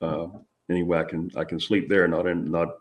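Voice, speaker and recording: A middle-aged man, telling a personal experience as an interview guest in a halting, rambling way full of restarts. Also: sits low, flat delivery.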